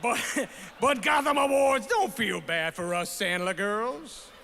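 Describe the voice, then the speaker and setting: A man's voice: sits high, lively intonation, gravelly, sharp tone, slight background noise, pitched above the performer's own voice, heavily acted. A man putting on a goofy drawling Southern fellow. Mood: mocking. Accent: put-on Southern US. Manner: slow, drawn-out comic delivery. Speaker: award recipient. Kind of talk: comic speech reading. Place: awards ceremony stage. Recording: reverberant awards hall, faint ambience.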